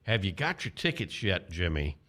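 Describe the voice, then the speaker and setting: A Southern-accented man hosts a radio talk show in a very deep voice. His pitch moves around a lot as he talks. He sounds chatty and laughs easily, and he often trips over his words. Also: very animated, moderate pace, pushed and bright. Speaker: radio host.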